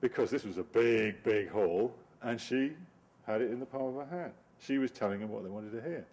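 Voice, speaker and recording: A man's voice: medium pitch, a little fast, darkish tone, husky. A middle-aged man, a cartoonist giving a wry, digressive talk over his slides and laughing often. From Britain.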